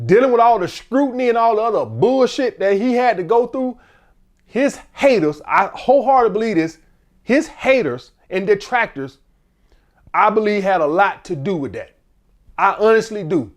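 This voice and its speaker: A man's voice: sits high, moderate pace. A man hosting a dating advice channel, ranting bluntly and profanely in a casual monologue. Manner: blunt, profane, animated rant.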